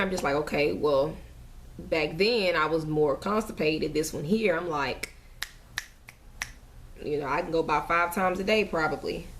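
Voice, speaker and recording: A young woman talks through a casual vlog update in a fairly low voice. She rambles, fills gaps with "um", and sounds a bit out of breath and queasy as she goes. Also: a little hiss or hum. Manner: chatty, rambling with many fillers. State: nauseous and out of breath. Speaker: family vlogger.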